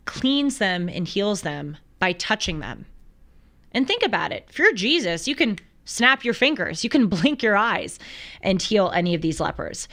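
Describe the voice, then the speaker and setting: Woman talk host, slightly low-pitched, lively and chatty with laughing asides. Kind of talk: casual commentary with scripture reading.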